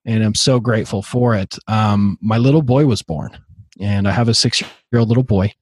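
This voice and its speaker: A man in his thirties, a podcast guest telling his own story in a halting way, with many fillers and restarts. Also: lowish voice, breathy edge, dry recording. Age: 30s. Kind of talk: casual interview storytelling.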